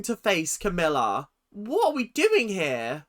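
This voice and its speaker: A man giving casual reaction commentary. He is excitable and swears often, talking straight back at whatever he is watching. His voice swoops widely in pitch and has a bright, forceful edge. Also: takes it slowly, few pauses. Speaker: reaction channel host.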